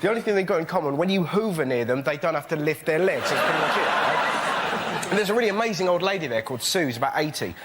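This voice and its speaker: A young man doing a cheeky, animated stand-up routine as a panelist, with sudden yelps in his telling. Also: on the high side, fast talker. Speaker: comedian panelist. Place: TV studio with live audience. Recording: loud studio audience laughter and noise.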